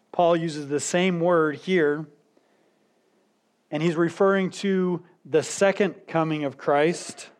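A middle-aged man preaching a sermon as a pastor, teaching verse by verse and slowing down to stress key words. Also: on the high side.

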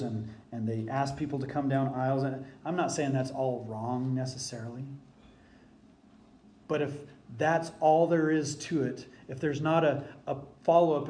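A man's voice: medium pitch, a little mellow. Emphatic preaching man in an echoey hall. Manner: emphatic preaching, rising for scripture quotes. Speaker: pastor. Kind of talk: sermon.

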